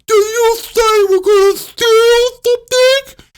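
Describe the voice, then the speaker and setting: A woman voicing a stern lunch teacher who barks loud commands in a high, strained shout. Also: fairly even intonation, slow pace, faint music behind. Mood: barking orders.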